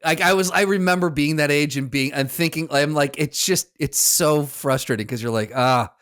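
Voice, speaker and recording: A man's voice: fairly high pitch, moderate pace, a bit bright. A man co-hosting a podcast, chatting casually and asking follow-up questions, often restarting his sentences. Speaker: podcast co-host. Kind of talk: casual chat.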